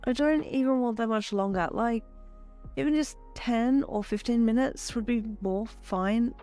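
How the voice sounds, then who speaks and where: Squeaky dramatic teen girl in cat form, voiced by a woman; high, breaking outbursts. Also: unhurried, warm tone, faint music behind, close to an everyday voice. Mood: mortified.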